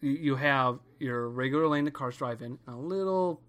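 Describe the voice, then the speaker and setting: A man hosting a podcast, telling a rambling, profane, animated story in a casual comedic rant. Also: medium pitch, normal speed. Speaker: podcast host.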